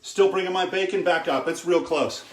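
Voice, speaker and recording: Chatty man chef, high voice, echoey kitchen. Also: moderate pace. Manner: chatty, says "okay?" often, greets viewers by name. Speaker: chef hosting a cooking stream. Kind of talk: casual live cooking demo. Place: home kitchen.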